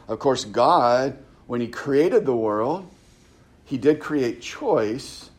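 A male pastor preaching a sermon in a conversational way, with frequent restarts, who reads scripture aloud with rising emphasis. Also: medium pitch. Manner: conversational preaching, many restarts and stammered repeats.

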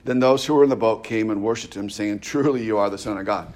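A man's voice: on the low side, quick pace, a little mellow. Conversational man preaching a sermon. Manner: conversational, frequent "right?" asides and restarts. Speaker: pastor.

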